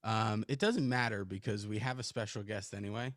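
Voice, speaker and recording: A man's voice: on the low side, a little fast, no room sound. A man co-hosting a sports podcast, chatting casually and ribbing his partner with dry teasing. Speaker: podcast co-host.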